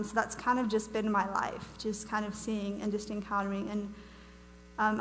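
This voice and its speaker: A woman's voice: mid-range voice, fairly bright tone. A young woman from Wales who now speaks with an American accent, giving a bubbly, chatty testimony as a guest speaker at a church conference, full of fillers and restarts. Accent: American, lost her Welsh accent. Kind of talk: casual testimony talk at a conference. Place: church hall. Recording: reverberant hall, faint hum.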